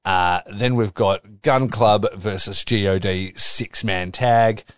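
A man's voice: on the low side, slow, clean tone, no room sound, clean studio sound. A man co-hosting a casual wrestling podcast, laughing often and speeding up when he recaps. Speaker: podcast co-host.

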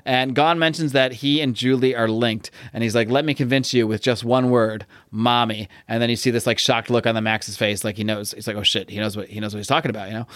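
Smooth-voiced man chatting casually. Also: medium pitch, fairly even intonation, fast, hardly any pauses, fairly bright tone, no room sound, studio quality. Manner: rambling, many fillers and restarts, reads out dialogue. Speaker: podcast co-host discussing comics. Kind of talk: casual chat recapping a comic.

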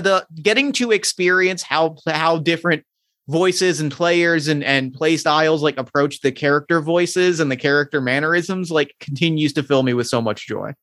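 A man hosting a tabletop game podcast, reading narration and chatting in a gushing, excitable way that trips over words. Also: a little high, dry recording, studio quality. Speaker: game master and podcast host. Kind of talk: scripted narration and casual chat.

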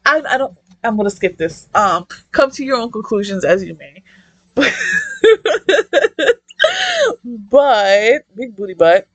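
A young woman reviewing a manga in casual chat, excitable, swearing a lot and rambling off-topic. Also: mid-range voice, a little slow, dry recording.

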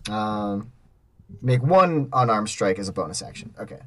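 Low-voiced man playing a tabletop game. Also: normal speed. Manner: relaxed, thinks aloud with fillers and laughs. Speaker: player. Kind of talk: casual tabletop game play.

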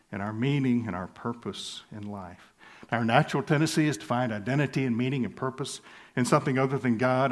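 A man preaches from a pulpit at an ordinary, mid-range pitch. He leans hard on key words and then drops to a hushed, slow delivery, with soft chuckles now and then. His tone is earnest and pastoral throughout. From southern United States. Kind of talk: expository sermon.

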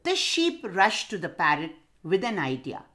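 A woman's voice: on the low side, moderate pace. A woman narrating a children's story and asking the listening children questions. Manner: expressive, addresses children directly.

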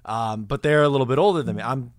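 A man's voice: medium pitch, quick pace, dry recording. Easygoing young male podcast host, dry sound. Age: 20s. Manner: easygoing, laughs often. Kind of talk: casual chat.

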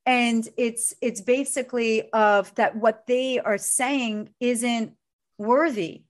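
A woman coach with a somewhat high voice speaks in an earnest, heartfelt way. She talks openly and with emotion in a warm-hearted conversation. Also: fairly even intonation, slow.

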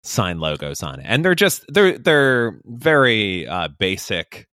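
A man's voice: fairly low pitch, very animated, slow, pushed and bright. A man co-hosting a podcast, explaining things in an amused, easygoing way. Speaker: podcast co-host. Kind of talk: casual chat.

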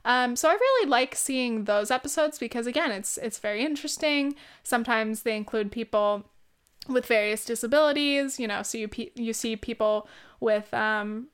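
A woman's voice: a little high, a bit bright, clear, resonant tone. Chatty young woman who swears a lot. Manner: rambling, lots of "like", swears freely, laughs often. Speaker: vlogger. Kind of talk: casual chat.

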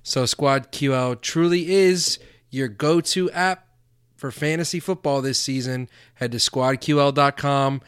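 A man's voice: medium pitch, clean tone, no echo, clean studio sound. A man hosting a casual sports podcast, reading an ad and opening the show with energy. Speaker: podcast host. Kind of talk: casual podcast chat and ad read.

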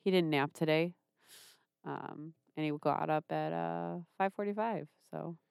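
A woman co-hosting a podcast, calmly reassuring her partner in matter-of-fact casual chat. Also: low voice, unhurried, creaky, clear, resonant tone, dry recording, clean studio sound.

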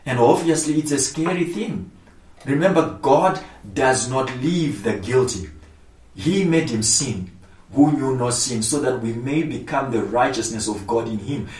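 A man's voice: mid-range voice, a little mellow. A male pastor preaching a sermon, emphatic and repetitive, with rising outbursts. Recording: echoey room, voice from far off the mic.

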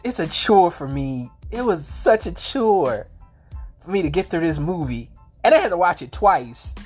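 A woman with a very low voice and a sore throat reviews a film in a loose, rambling way. She swears casually and trips over her own sentences. Faint music hums behind her. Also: a little mellow. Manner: rambling, swears freely, frequent restarts and laughs. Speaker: movie reviewer.

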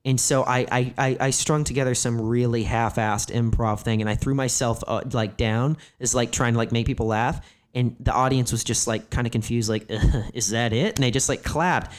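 A man's voice: mid-range voice, fairly even intonation, normal speed, hardly any pauses. Rambling man telling candid stories. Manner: rambling, filler-heavy "like" phrasing, profane. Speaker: comedian guest. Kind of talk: candid storytelling conversation.

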